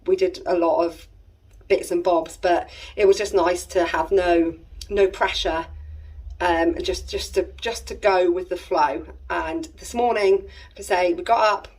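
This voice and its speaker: English woman in her thirties, family vlogger, chatty and rambling, breathy tone, sits a bit back from the mic. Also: fairly low pitch, fairly even intonation, measured pace, darkish tone. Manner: chatty, rambling, exasperated asides. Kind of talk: casual storytelling to camera. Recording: voice a little distant from the mic.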